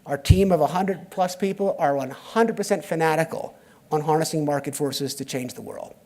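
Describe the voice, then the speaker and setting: A middle-aged American man delivers a keynote on a conference stage before a live audience, telling stories with acted-out dialogue and wry asides. His pitch is fairly high, his pace normal, and his tone darkish.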